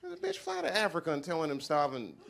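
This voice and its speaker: A man doing a live stand-up set on a club stage, profane and animated, acting out other people as he talks. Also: on the high side, quick pace, gravelly. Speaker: stand-up comedian. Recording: live club with loud crowd laughter. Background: loud audience laughter.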